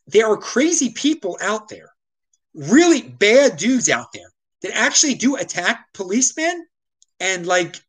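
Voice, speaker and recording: A man's voice: high voice, fairly bright tone, low-quality recording. A man hosting his own show, delivering a casual, exasperated opinion monologue full of restarts, from the Baltimore area. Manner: ranting, exasperated, frequent restarts. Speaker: show host.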